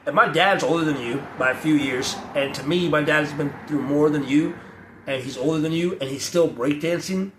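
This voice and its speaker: A man's voice: fairly high pitch, normal speed. A young man giving a blunt, profane, off-the-cuff rant to camera, often mocking others by putting on their voices. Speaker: vlogger. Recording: echoey, with loud ambient noise.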